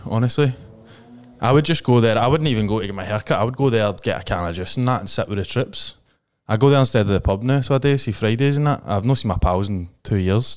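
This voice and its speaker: A man's voice: on the low side, smooth. A Scottish man hosting a podcast, reading a rambling, jokey and sweary ad in casual chat. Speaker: podcast host.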